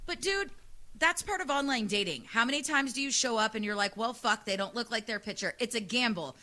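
A woman radio host with a loud, sassy, animated way of talking, telling a dating story in casual chat. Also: a little high, brisk.

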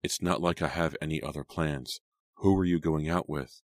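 A worried teenage girl talks softly and dryly, scolding a friend, as a man reads her part in a storybook. The voice stays very deep, close and dry. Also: fairly even intonation, moderate pace, no room sound. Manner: soft and low, scolding.

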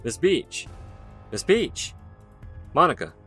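A man's voice: mid-range voice, animated, a little slow, fairly bright tone, faint music behind, pitched above the performer's own voice. A man voicing a shaken young male superhero who speaks with urgent, stammering worry.

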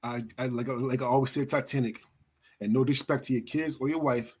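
A man hosts a casual podcast, his husky voice sitting at a middle pitch. He talks loosely and bluntly, swearing and laughing as he runs the show. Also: fairly quick. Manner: animated, swearing, laughing often. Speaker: podcast host.

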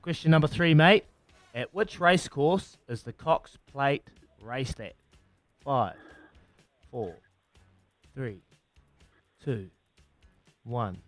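A man's voice: mid-range voice, slow pace, pauses often, no echo, faint music behind. A man with a New Zealand accent hosting a breakfast radio quiz, chatting with callers in matey banter and counting down their answers.

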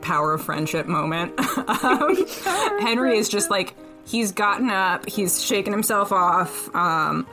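A woman's voice: mid-range voice, expressive, unhurried, hardly any pauses, loud music behind the voice. A woman narrating villains for a tabletop game, amused and chuckling as she goes. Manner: amused, laughs while narrating. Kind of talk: tabletop game actual play.

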